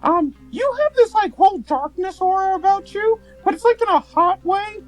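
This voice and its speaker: A woman voicing Bob, a laid-back young man who talks in blunt, slangy, drawn-out phrases. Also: very high-pitched, animated, faint music behind, voice pushed up, low-quality recording. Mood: chatty.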